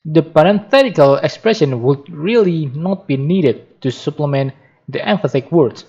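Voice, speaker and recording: A man's voice: a little high, expressive, normal speed, a little mellow, breathy edge. A man, a native Spanish speaker, reading a book aloud for practice, carefully, with occasional slips and restarts. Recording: dull lo-fi sound.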